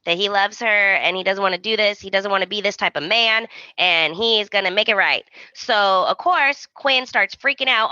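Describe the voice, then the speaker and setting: A woman's voice: mid-range voice, normal speed, hardly any pauses, bright, forceful tone, no room sound. A woman hosting a podcast, retelling soap opera scenes in casual chat and acting out the characters' lines. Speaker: podcast host. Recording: dull, dry lo-fi sound.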